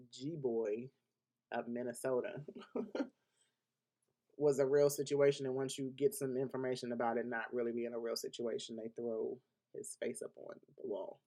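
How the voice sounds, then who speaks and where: A man's gravelly, mellow voice of medium pitch carries this unscripted weekly astrology forecast. His casual monologue is emphatic and colloquial, with restarts and frequent laughter between points.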